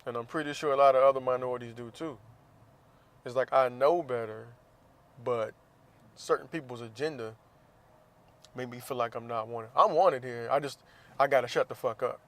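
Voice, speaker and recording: A man's voice: medium pitch, normal speed, pauses often, fairly bright tone. A man hosting a podcast, talking in a blunt, profane, casual monologue and laughing between points. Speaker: podcast host.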